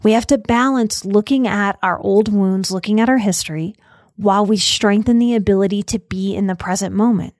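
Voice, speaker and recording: A woman hosting a self-help podcast, calmly and encouragingly talking through quotes and repeating phrases in lists. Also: mid-range voice, a little fast, no room sound, studio quality. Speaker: podcast host and mental health speaker.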